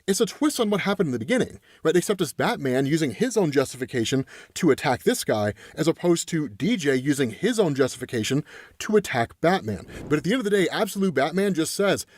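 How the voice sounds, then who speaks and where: A man's voice: fairly high pitch, sing-song, fast, dry recording, clean studio sound. A man casually retelling a comic book story, peppering his talk with "right?" and "man" and quoting characters in his own voice. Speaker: comic book recap streamer.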